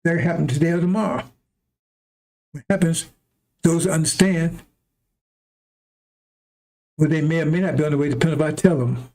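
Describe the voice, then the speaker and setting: Emphatic preacher man, higher voice. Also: steady tone, normal speed, pauses often, a little mellow. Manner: repetitive, emphatic, chuckling asides. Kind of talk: impassioned street-style sermon.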